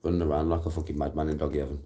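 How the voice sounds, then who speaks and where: A man's voice: rumbling low, level tone, rapid-fire, mellow. A man chatting casually to viewers, swearing often and telling rambling stories.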